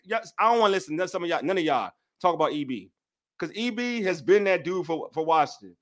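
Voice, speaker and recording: A young man co-hosting a sports podcast vents in heated, casual talk, repeating phrases for emphasis. His voice is high-pitched, fast, and fairly bright, with a DC-area American accent.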